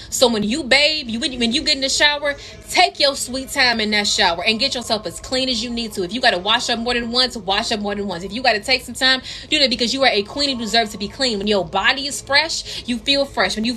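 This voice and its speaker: A woman's voice: fairly high pitch, bright, forceful tone. A young woman doing a casual tarot reading for her viewers, chatty and repetitive, calling them her queens. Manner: chatty, repeats herself, addresses viewers as queens. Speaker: tarot reader and spiritual coach.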